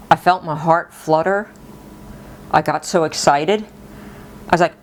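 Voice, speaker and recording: A middle-aged woman telling a personal story in a casual, animated way, laughing often. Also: deep voice, measured pace, long pauses, slight background noise.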